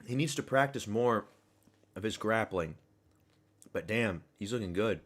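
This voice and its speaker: Excitable man, lively pitch. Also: measured pace. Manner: excitable, profane, erupts into shouting. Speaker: fan reacting to a fight. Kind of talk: live watch-party reaction.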